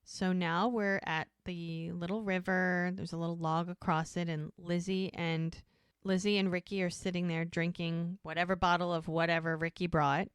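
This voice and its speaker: A woman's voice: lowish voice, little pitch movement, moderate pace, clean tone, no echo, clean studio sound. A woman co-hosting a podcast, casually recapping a TV episode and acting out the characters' lines as she goes. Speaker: podcast co-host.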